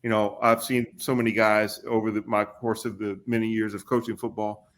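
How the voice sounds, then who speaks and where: A middle-aged man from Kentucky, telling a story on a podcast. He talks casually at a mid pitch. When he quotes people, his voice jumps up and gets livelier. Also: fairly quick. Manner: animated, acts out quotes with raised voice. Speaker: podcast guest.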